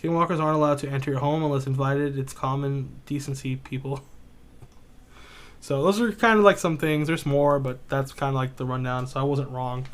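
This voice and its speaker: A man talking casually on a podcast, retelling a story in a loose, rambling way. He swears often and leans on filler words. His pitch stays fairly flat throughout. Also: fairly quick. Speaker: podcast co-host. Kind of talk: casual chat.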